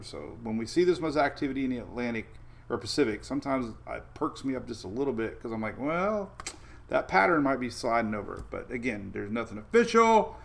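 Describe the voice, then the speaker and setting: A man talks through weather maps on a casual livestream. His voice sits at a middle pitch. He rambles in an easygoing way, stopping for fillers and restarts and breaking off to greet viewers by name. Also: creaky, fairly bright tone. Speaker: weather show host.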